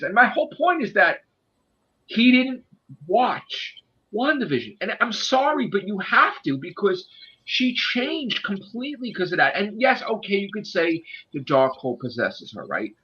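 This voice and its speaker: A man's voice: high-pitched, big pitch swings, normal speed, bright, forceful tone. A man casually discussing a movie on a podcast in a ranting, profane and emphatic way. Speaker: podcast host. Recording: dull lo-fi sound.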